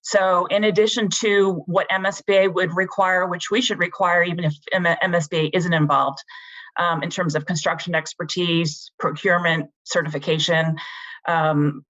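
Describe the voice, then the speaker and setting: A woman giving a prepared public comment on a video call, talking quickly and eagerly, correcting herself as she goes. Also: lowish voice, steady tone, a bit bright. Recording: dull lo-fi call audio.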